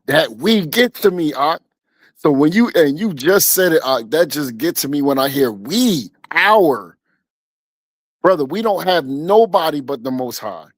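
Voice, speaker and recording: A man reading scripture aloud and riffing on it in casual, halting street talk as an elder on a streamed discussion. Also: mid-range voice, no room sound. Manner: street-talking preacher, reads verses then riffs with fillers. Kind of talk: preaching in casual chat.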